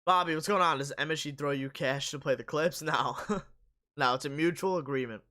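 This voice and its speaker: A man hosting a live sports stream, casually reading viewer comments aloud and answering them while his voice is going hoarse. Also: fairly high pitch, a little fast, bright, forceful tone.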